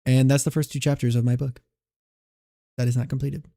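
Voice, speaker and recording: A man reads chapters of his own western novel aloud on a live stream. His voice is dark and mellow, the room sound dry and close. He often stumbles and restarts words as he reads. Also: medium pitch, level tone, dry recording. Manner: halting, restarts words while reading. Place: home streaming setup.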